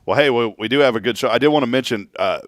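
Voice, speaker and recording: A man co-hosting a talk show, telling anecdotes in an animated way and laughing often. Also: mid-range voice, fast, no echo, clean studio sound. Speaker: radio show co-host. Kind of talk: casual on-air chat.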